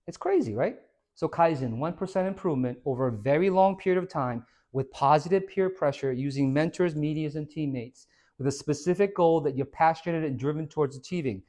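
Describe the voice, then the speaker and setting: A middle-aged man with a voice a little higher than most gives an upbeat fitness talk to a small audience. He tells lively anecdotes, switches voices for the people in his stories, and plays up the jokes. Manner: animated storyteller acting out dialogue, jokey. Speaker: fitness coach and speaker. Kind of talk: motivational talk to a small group. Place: hair salon, indoors.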